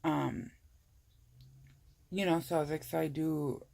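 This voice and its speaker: A vlogger talks in a casual personal vlog, her low voice unhurried and mellow with vocal fry. She rambles, leaning heavily on "I was like" and "you know." At times she becomes emotional and tearful.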